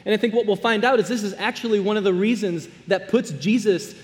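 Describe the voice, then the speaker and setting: A man preaching a sermon as a pastor, earnest, dropping to hushed tones and then rising to emphatic ones. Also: high-pitched, a little fast, long reverb tail. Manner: earnest, swings between soft hushed lines and raised emphatic ones.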